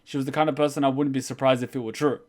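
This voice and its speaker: A man, an anime reaction channel host, telling a personal story in a casual, animated way, swearing freely and getting louder when excited. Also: mid-range voice, very fast.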